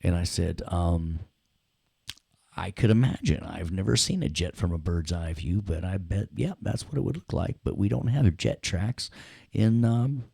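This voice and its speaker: A man teaching audio software in a casual, jokey way, talking straight to his students. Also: low-pitched, unhurried, vocal fry, husky, no room sound, studio quality. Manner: chatty, jokey, addresses students directly. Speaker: audio production instructor. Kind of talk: casual screen-share software lesson.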